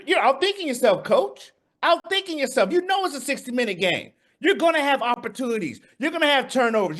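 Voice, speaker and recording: A man's voice: extremely high pitch, a bit bright. A man co-hosting a sports talk show, talking football in playful, slangy banter and laughing often. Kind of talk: casual sports debate.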